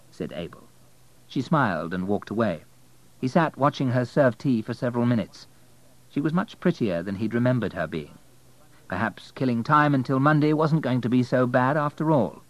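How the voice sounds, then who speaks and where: Man, audiobook narration, steady, measured, middle pitch, dry close sound. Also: no room sound, poor audio.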